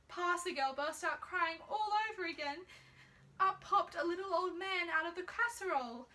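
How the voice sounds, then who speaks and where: A woman reads a fairy tale aloud in soft, measured narration. Her voice is very high and bright. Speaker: storyteller.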